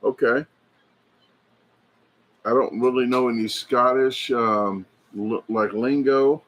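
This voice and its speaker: A man hosting a casual livestream, rambling and chatty as he reads viewer comments aloud, filling pauses with lots of fillers and restarts. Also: mid-range voice, fairly even intonation, fairly bright tone. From United States. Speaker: livestream host. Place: indoors at a hobby shop.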